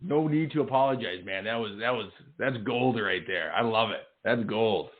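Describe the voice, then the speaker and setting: Enthusiastic podcast host on a phone line. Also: male voice, on the low side, expressive, moderate pace. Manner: enthusiastic, laughing, encouraging. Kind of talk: casual chat.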